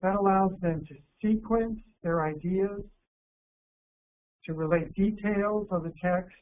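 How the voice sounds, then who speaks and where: A man from the United States giving an instructional workshop talk to teachers, calm and deliberate, slowing down to stress key words. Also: sits high. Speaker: teacher educator presenting a workshop. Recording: narrow phone-like sound with faint hiss.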